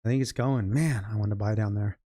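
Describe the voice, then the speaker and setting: A man's voice: fairly low pitch, steady tone, a little fast, warm tone, dry recording, clean studio sound. A man live-streaming his day trading, talking loosely to himself and his chat and swearing freely. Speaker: day trader livestreaming.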